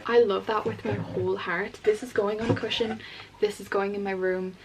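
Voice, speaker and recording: A young woman vlogging casually about books, gushing and excitable, with lots of filler words. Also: mid-range voice, moderate pace, background noise. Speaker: book vlogger. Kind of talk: casual unboxing chat.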